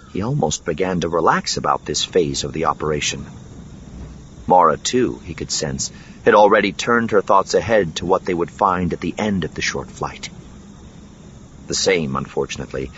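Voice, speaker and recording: A man narrating an audiobook in an expressive, dramatic reading. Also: sits low. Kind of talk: scripted narration. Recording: dull lo-fi with steady noise.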